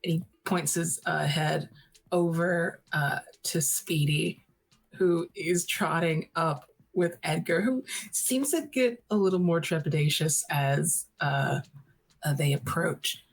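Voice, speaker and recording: A woman narrating as a guest player in a fantasy storytelling game, halting with many uhs. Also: low voice, gravelly, slightly rough, low-quality recording.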